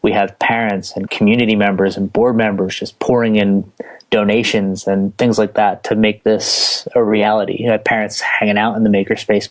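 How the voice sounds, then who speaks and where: A man, a teacher from southern New Jersey, answering as a podcast guest. His voice is low and his delivery fairly flat, yet he talks in an earnest, enthusiastic way. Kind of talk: interview answer.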